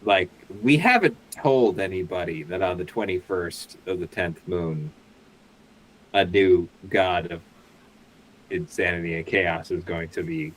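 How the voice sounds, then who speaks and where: A man's voice: sits low, measured pace, low-quality recording. A man playing in a tabletop game, thinking aloud and correcting himself as he plans. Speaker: player. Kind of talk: casual chat at a tabletop game.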